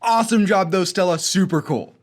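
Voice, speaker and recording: An energetic young man hosts a coding school showcase, playing student-made games and cheering them on. His voice sits high, and he jokes about how bad he is at games. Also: a little fast, heavy background noise. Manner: energetic, enthusiastic, self-mocking. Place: indoor studio with green screen.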